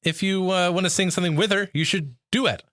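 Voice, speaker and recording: A man's voice: sits high, a little fast, fairly bright tone, no room sound, clean studio sound. A man co-hosting a comedy podcast, cracking puns and hedging with fillers. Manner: jokey, punning, hesitant with fillers. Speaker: podcast co-host.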